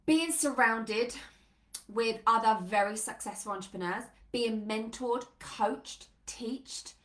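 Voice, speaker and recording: Emphatic, high-voiced woman business coach. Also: slow. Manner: energetic, emphatic, says freaking a lot. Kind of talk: motivational live talk.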